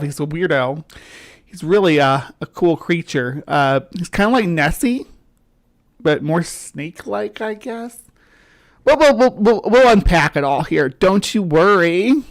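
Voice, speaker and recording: A woman from the middle of the United States hosts a relaxed live show. She rambles and trips over her own words, circling back to greet viewers in the chat. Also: on the low side, measured pace, pauses often. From central United States, between the South and upper Midwest. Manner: rambling, self-interrupting, chats with viewers. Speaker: livestream host. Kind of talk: casual live-stream chat.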